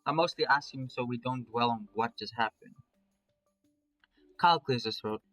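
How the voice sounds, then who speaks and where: A man's voice: medium pitch, normal speed, fairly bright tone, soft background music, poor audio. A man reading a visual novel aloud in a dramatic first-person storytelling manner. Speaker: narrator.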